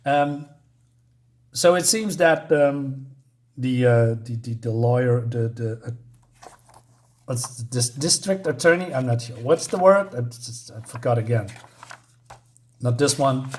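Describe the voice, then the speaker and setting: A man's voice: medium pitch, takes it slowly, pauses often. Casual comic reviewer, male, stumbles and restarts, frequent little laughs. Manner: hesitant, stumbling over words, chuckling often.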